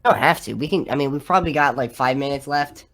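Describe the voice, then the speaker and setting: A woman's voice: very deep voice, quick pace. A young woman co-hosting a podcast, telling stories in casual chat and rambling with lots of "like.". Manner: rambling storyteller, frequent "like". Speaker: podcast co-host.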